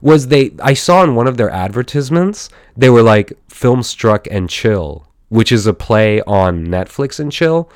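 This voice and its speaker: A man talks through a casual solo podcast at an ordinary, mid-range pitch. He rambles with eager enthusiasm, stacking fillers and restarting his sentences. The sound is dry and close, with little room around it. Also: animated, normal speed, hardly any pauses, smooth, dry recording. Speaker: podcast host.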